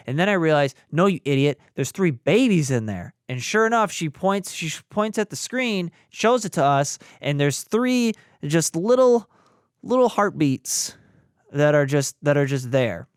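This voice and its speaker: A young man with a somewhat high and smooth voice tells a personal story in a casual, lively way, putting on voices for the people in it. The recording is dry and close to the mic. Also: moderate pace, no echo. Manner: animated, acts out voices in the retelling. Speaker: podcast co-host.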